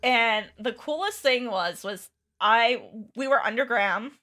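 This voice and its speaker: A young woman who teaches and creates content chats casually while playing a game, storytelling in a rambling way full of fillers and restarts, laughing often. Her voice is a little high, slow, bright, and forceful.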